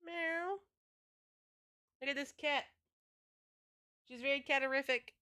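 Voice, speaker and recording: A woman's voice: high-pitched, slow, sharp tone. A woman game streamer chatting casually to her live chat, rambling and swearing freely.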